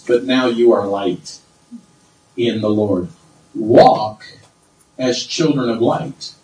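A middle-aged man preaching a sermon, swinging between low asides and loud, high exclamations. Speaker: pastor. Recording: roomy sound from far off.

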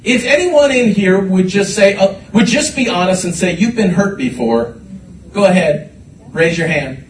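A man delivers a lively sermon in a church, his slightly high voice carrying through an echoey sanctuary. He repeats his words and builds to bursts of shouting. He sounds set back from the microphone, with faint room noise around him. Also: moderate pace, far from the mic. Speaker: pastor.

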